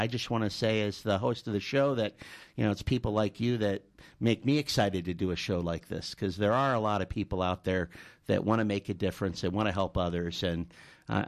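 Gravelly-voiced male talk show host. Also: lowish voice. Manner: repeats words often, conversational storytelling. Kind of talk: talk show, telling an anecdote.

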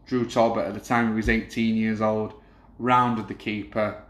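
A man with a lowish, flat voice speaks at a moderate pace, telling football stories in a casual chat. He rambles and keeps hesitating and restarting. The recording has a roomy echo.

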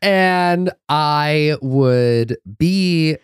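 A man co-hosting a casual podcast, telling stories in an animated, dramatic and sassy way. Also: a little high, extremely slow, smooth, dry recording, studio quality. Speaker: podcast co-host.

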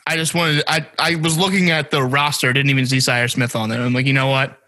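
A man's voice: medium pitch, level tone, a little fast, pushed and bright, dry recording. A young man, co-hosting a casual sports podcast, rambling and joking with casual swearing. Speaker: podcast co-host.

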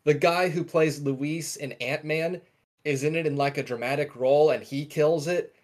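A man's voice: a little high, steady tone, normal speed, darkish tone. A young man co-hosting a podcast in casual chat, enthusiastic and often correcting himself mid-sentence. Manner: rambling, self-correcting, enthusiastic. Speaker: podcast co-host.

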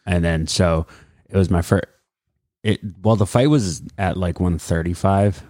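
Deep-voiced man in his late twenties. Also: unhurried, dark tone, dry recording, clean studio sound. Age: late 20s. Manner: rambling, many fillers and acted-out quotes. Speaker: guest, mixed martial arts fighter. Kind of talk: casual storytelling.

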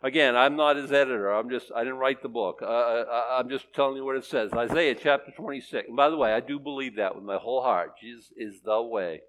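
A man's voice: medium pitch, fairly quick, few pauses, fairly bright tone. A man preaching a sermon in a conversational, sarcastic style, mixing scripture reading with jokes. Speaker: pastor.

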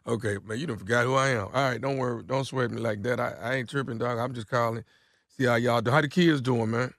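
A man's voice: medium pitch, steady tone, brisk, a bit bright, no echo. Radio prank caller guy, laid back slang, keeps stumbling on his words, dry close sound. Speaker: radio show regular doing a prank call. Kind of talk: prank phone call.

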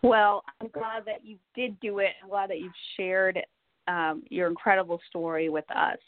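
A woman hosting a podcast, asking guests questions in a casual, effusive and animated way. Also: medium pitch, normal speed. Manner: animated, effusive, lively storytelling. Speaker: podcast host. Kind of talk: casual interview. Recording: tinny phone-like line with faint noise.

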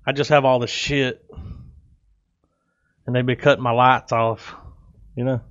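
A man's voice: mid-range voice, flat delivery, fairly bright tone, no echo. Male co-host, wisecracking sidekick energy, slightly muffled dry sound. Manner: joking, quick interjections. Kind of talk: casual chat.

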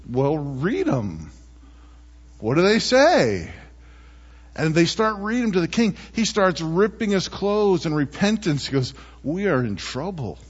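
A man preaching a sermon in a relaxed, conversational way, often tossing in rhetorical questions to the congregation. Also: on the high side, long reverb tail, lo-fi sound. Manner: chatty, asks rhetorical "right?" often. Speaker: pastor.

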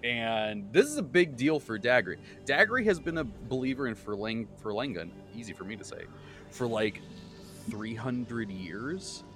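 A man hosting a casual podcast chat, excitably rambling as he recaps the tabletop campaign he runs as game master. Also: medium pitch, measured pace, soft background music.

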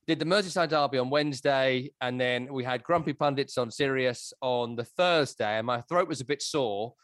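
A man's voice: medium pitch, moderate pace, fairly bright tone, dry recording, studio quality. A man hosting a podcast, telling stories in a chatty, wry way. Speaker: podcast host. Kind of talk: casual podcast chat.

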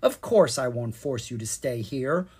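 A fretful fairy mother pleads in a high, husky voice, her pitch swooping all over as she frets about losing her home, put on by the storybook narrator. She sounds tearful and urgent. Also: animated, measured pace, darkish tone. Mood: pleading. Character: bossy fretful fairy mother, a palace housekeeper.

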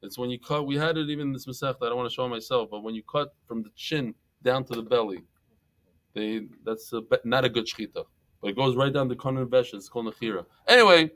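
A man leads a Talmud class in a mid-range voice, cracking jokes and telling stories with plenty of energy while weaving in Hebrew and Yiddish terms.

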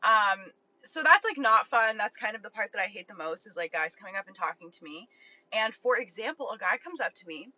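Blunt, bright-voiced young woman. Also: medium pitch, animated, a little fast. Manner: blunt, profane, filler-heavy. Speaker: online content creator. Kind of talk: casual storytelling. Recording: dull lo-fi recording.

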